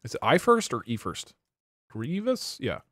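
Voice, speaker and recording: A man's voice: mid-range voice, huge pitch swings, a little fast, fairly bright tone, no room sound, studio quality. A man live-streaming, chatting casually with his viewers in a sarcastic, exasperated way. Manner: sarcastic, exasperated banter with chat.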